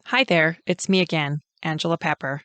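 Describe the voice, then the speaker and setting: A woman's voice: deep voice, fairly even intonation, normal speed, a bit bright, no echo. A woman author with a Canadian accent reading her own author's note with friendly, self-deprecating humor. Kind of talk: author's note, read aloud.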